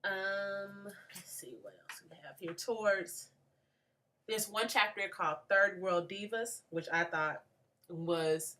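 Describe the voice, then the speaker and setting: A woman's voice: lowish voice, a bit bright. A young woman from Atlanta, a graduate student giving a thoughtful spoken response to a book, with frequent fillers and restarts.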